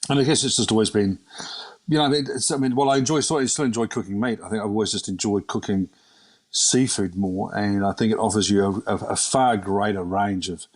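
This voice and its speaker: A middle-aged New man speaks quickly in a lowish voice. He rambles through his answer in a conversational interview, with plenty of "you know" and false starts. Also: steady tone. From New Zealand. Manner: rambling, many fillers and restarts. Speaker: chef turned fishmonger.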